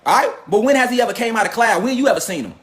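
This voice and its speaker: A commentator with a very high, fairly bright voice races through an animated, profane, confrontational rant, firing off rhetorical questions.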